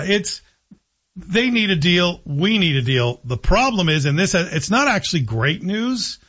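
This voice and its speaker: A man's voice: on the high side, a bit bright, breathy edge, dull audio. A man hosting a talk radio show, giving sardonic, opinionated commentary. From Scotland.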